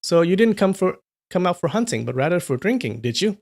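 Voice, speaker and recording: A cocky young master who teases his companions, as a man reading aloud puts him on. The voice is a little high and playful. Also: sing-song, a little fast, full character voice. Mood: teasing. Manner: playful, teasing. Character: cocky, teasing young male nobleman.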